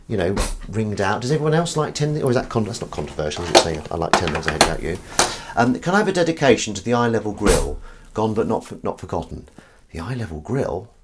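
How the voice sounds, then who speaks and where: A man's voice: on the low side, heavy background noise. Chatty man with dishes clattering. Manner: chatty and rambling, self-deprecating, frequent restarts and asides to viewers. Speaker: livestream host. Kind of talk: casual chat while washing up, reading viewer comments. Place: home kitchen at the sink. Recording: kitchen with clattering dishes and cutlery behind.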